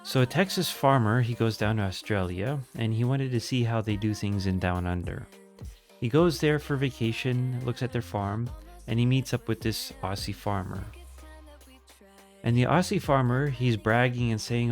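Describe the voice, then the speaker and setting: A man giving casual gameplay commentary, thinking aloud in a relaxed way with small hesitations. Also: mid-range voice, moderate pace, soft background music.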